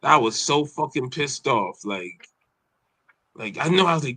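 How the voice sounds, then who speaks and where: A man's voice: mid-range voice, expressive, unhurried, bright, forceful tone, rough recording. A man co-hosting a casual podcast chat, talking emphatically with lots of profanity. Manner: profane, emphatic, talks over others. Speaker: podcast co-host.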